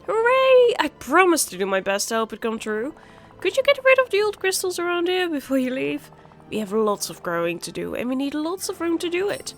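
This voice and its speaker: A woman's voice: sits high, big pitch swings, a little fast, soft background music, voice pushed up. A woman voicing an eager, bubbly tiny magical wish creature from a video game, with squealy exclamations.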